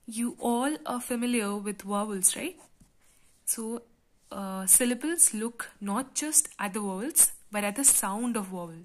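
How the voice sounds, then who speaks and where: A woman teaching a literature class, explaining step by step in a patient lecture style with frequent pauses and fillers. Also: mid-range voice.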